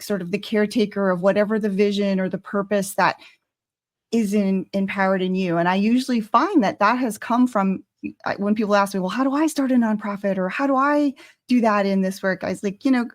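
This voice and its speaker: A woman hosts a podcast conversation. She speaks in a heartfelt, searching way, often breaking off and restarting her sentences. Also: mid-range voice. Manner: heartfelt, rambling, with many restarts. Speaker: podcast host. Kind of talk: casual conversation.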